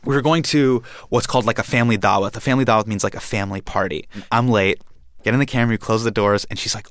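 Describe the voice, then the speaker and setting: A man telling a personal story in an interview, animated and acting out quotes and sound effects. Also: medium pitch, fairly quick, dry recording, studio quality. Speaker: guest storyteller.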